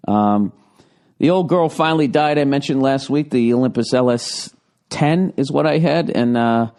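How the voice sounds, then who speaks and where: A man's voice: mid-range voice, normal speed, darkish tone. A man hosting his podcast from home, ranting sarcastically with lots of swearing in a rambling comedic monologue, recorded on a handheld digital recorder. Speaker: podcast host.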